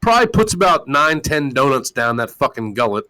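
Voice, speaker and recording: A man's voice: big pitch swings, a little fast, rough recording. A man hosting a call-in live stream, ranting in a crude, mocking way with constant swearing. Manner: loud, mocking and crude, swinging widely in pitch. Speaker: talk show host. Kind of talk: profane live-stream rant.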